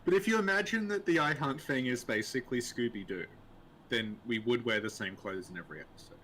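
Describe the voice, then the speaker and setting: A man's voice: mid-range voice, a little fast, fairly bright tone, slight background noise. A man co-hosting a casual live-stream Q&A, rambling and hesitant with dry humor, greeting viewers as he goes. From Australia.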